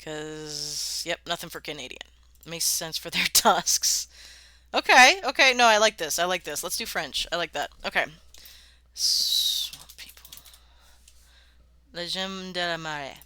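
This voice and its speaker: A woman's voice: on the low side, lively intonation, normal speed, sharp tone, dry recording. A woman streaming live, chatting casually and swearing freely as she worldbuilds and sounds out words, laughing often.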